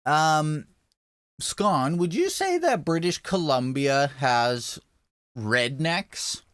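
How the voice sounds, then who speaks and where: A man's voice: fairly high pitch, sing-song, extremely slow, a bit bright, no echo, clean studio sound. A Western Canadian man co-hosting a casual game stream, full of teasing, jokey banter. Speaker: livestream co-host. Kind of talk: casual gaming stream chat.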